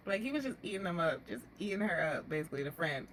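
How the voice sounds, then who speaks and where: A woman's voice: on the low side, sing-song, fairly bright tone, slight background noise. A woman recapping a reality show in a casual, gossipy way, chatty and full of slang. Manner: fast, chatty retelling with laughs and slang.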